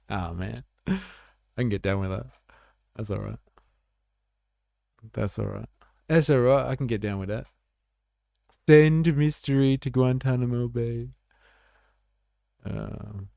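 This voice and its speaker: Male streamer, low and gravelly, blunt and sweary, reading chat in a dry close-miked sound. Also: a little mellow, no echo. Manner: blunt, swears freely, chatty with many "like" fillers. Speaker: livestream host. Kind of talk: casual livestream chat, reading viewer comments.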